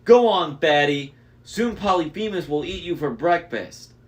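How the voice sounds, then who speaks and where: A man voicing a huge, brutish male cyclops monster who bellows and yells, in a storybook reading. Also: on the high side, animated, unhurried, pitched above the performer's own voice. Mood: mocking. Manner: bellowing and yelling.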